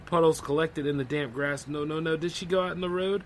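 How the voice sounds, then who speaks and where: Male podcast host, a bit high-pitched, reads horror tales and riffs between them in a loose, laid-back way. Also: fairly even intonation, fairly quick, slight background noise, rough recording. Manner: loose, conversational asides full of 'like' and 'man'. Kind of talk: reading horror stories aloud with casual commentary.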